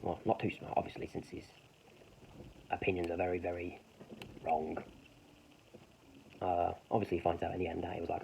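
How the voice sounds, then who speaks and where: A man's voice: deep voice, flat delivery, normal speed, vocal fry, long pauses, warm tone, slight background noise. A man rambling in a hesitant, self-correcting monologue as he mulls over ideas for a piece he is writing. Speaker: writer thinking aloud. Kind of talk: rambling thinking-aloud monologue. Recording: muffled lo-fi recording.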